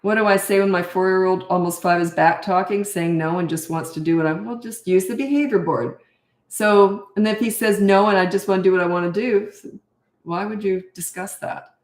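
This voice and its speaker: A woman's voice: medium pitch, moderate pace, roomy sound. An older woman coaching parents, answering viewer questions in a blunt, emphatic way and repeating her key points.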